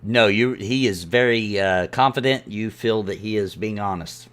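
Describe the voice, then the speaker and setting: A man running a tabletop game as game master, halting and full of fillers. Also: lowish voice, fairly bright tone.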